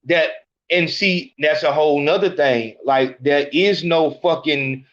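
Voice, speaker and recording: A man's voice: on the high side, measured pace. A man hosting a podcast, giving blunt, profane street commentary in a preachy way. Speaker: podcast host. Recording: dull lo-fi sound.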